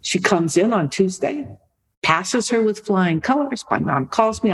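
A middle-aged woman, an author and podcast guest, telling a family story in a lively conversational way. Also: mid-range voice, a little slow, husky, poor audio. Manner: lively anecdotal storytelling, repeats for emphasis.

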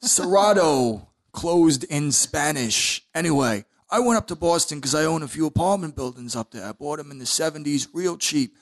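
A crass older landlord, played by a man, bragging in a slightly high voice. He is brash and rambling and cheerfully shameless. He sounds like a blowhard. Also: animated, moderate pace, hardly any pauses. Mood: boastful. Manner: brash and boastful.

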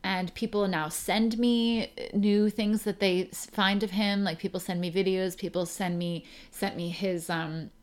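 A woman's voice: mid-range voice, steady tone, a little slow, few pauses. A young adult woman hosting a podcast, reading a listener email aloud and chatting in a rambling, emotional way, laughing through tears. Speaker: podcast host.

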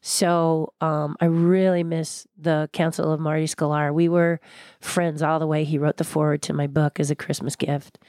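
Older woman guest, low-pitched, dry close sound, outspoken and passionate. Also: moderate pace, clean tone, dry recording. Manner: passionate, blunt, animated storyteller. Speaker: guest, former theme park designer. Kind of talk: candid interview conversation.

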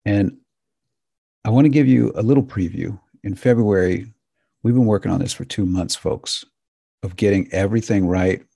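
A man hosting a talk show, speaking earnestly and emotionally to his listeners, halting and restarting as he goes. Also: on the low side, gravelly, mellow, husky, no room sound, studio quality. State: tearing up. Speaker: podcast host. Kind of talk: heartfelt monologue to listeners.

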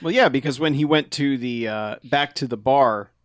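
A man with a mid-range voice chats easily on a movie podcast, slipping in personal stories and jokes. The sound is close and dry. He keeps a relaxed, conversational pace. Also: mid-range voice, normal speed, no room sound. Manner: easygoing, anecdotal, comic asides. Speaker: podcast co-host. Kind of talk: casual movie-review chat.

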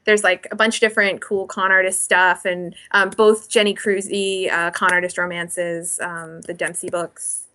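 A woman's voice: fairly low pitch, level tone, moderate pace, bright, forceful tone. A woman author chatting as a podcast guest, enthusiastic and rambling with many fillers. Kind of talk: casual interview chat.

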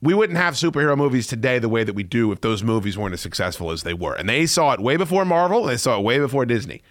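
Middle-aged podcast guy, swears a lot, gets super hyped and shouty, bright voice. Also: mid-range voice, racing. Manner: excitable, profane, swings into loud shouting. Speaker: podcast host. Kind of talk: casual chat.

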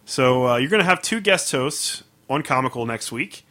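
Podcast host guy, bright voice, chill and upbeat, lots of uhs. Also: mid-range voice, moderate pace. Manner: relaxed, upbeat, lots of "uh" fillers. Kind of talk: casual podcast chat.

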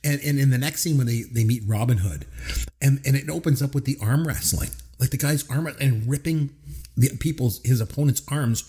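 A man co-hosting a podcast, retelling film scenes in an animated, rambling way and laughing often. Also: mid-range voice, fairly quick. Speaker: podcast co-host. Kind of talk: casual film discussion.

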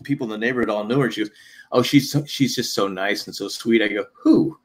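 Older man telling animated stories. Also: fairly low pitch, fast. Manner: animated storyteller acting out quotes. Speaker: podcast co-host. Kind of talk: casual chat.

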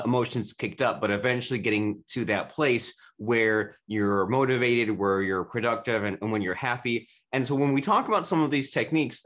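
A man's voice: medium pitch, fairly bright tone. Rambling male podcast host. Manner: rambling, full of "like" fillers. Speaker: interviewer host. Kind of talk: casual interview chat.

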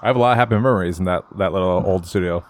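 A man's voice: deep voice, very fast, slight background noise. A man hosting a podcast, chatting casually with friends and rambling through his thoughts, often correcting himself mid-sentence. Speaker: podcast host. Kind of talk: casual chat.

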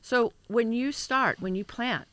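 A woman guest in a live chat, playful and quick to joke while explaining growing tips. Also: a little high, fairly bright tone, no room sound. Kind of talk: casual livestream chat.

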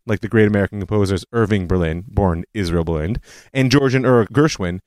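A man hosting a history podcast, telling it as a scripted lecture with animated storytelling and personal asides. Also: mid-range voice, no echo.

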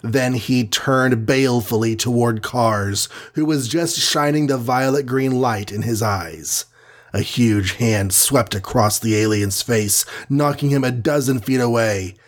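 Guy reading a superhero story aloud, dramatic, mid pitched voice. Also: a little slow. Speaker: narrator. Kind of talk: scripted audiobook narration.

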